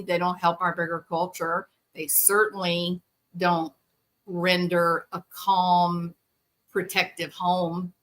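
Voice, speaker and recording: A woman speaks in an earnest, animated podcast monologue. Her tone is bright and forward. She is a therapist, and she slips into quoted voices as she tells a story. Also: mid-range voice. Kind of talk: conversational monologue.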